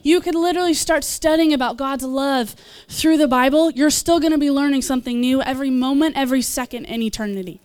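High-voiced woman preaching an altar call. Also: fast, few pauses, a little mellow. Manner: earnest, encouraging, with small laughs and asides. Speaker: preacher leading prayer ministry. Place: church gathering.

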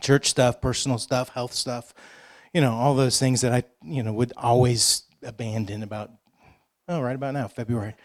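A man's voice: medium pitch, steady tone, normal speed. A male pastor preaching a sermon in a conversational way, with joking asides to the congregation and phrases repeated for emphasis.

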